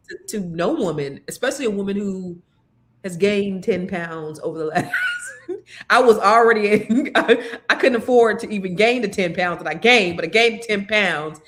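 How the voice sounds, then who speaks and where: A woman co-host telling a funny personal story in casual chat. Her pitch swings widely and she laughs often as she talks. She speaks at a mid pitch.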